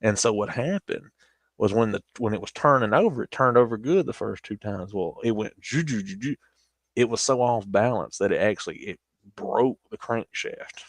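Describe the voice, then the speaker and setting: A man's voice: on the low side, animated, moderate pace, no room sound, studio quality. A man with a Southern US accent telling a long casual story on a stream, rambling with restarts.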